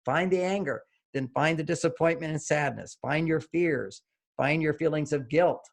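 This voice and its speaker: A man's voice: fairly high pitch, moderate pace, creaky. A man who is a relationship author, a guest on an interview podcast, explaining ideas and acting out the inner voices of children and parents.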